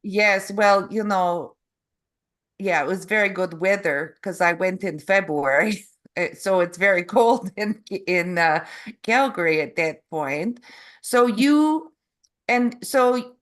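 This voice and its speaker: A woman interviewing a guest, speaking haltingly as she searches for her words. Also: medium pitch, a bit bright. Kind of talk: casual interview.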